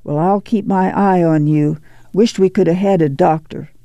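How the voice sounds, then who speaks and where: Male reader playing a steady rural mother ordering her family about, gravelly, dry. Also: lowish voice, dry recording, natural voice. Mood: firm. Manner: folksy rural dialect, brisk commands. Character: weary, firm farm mother running family.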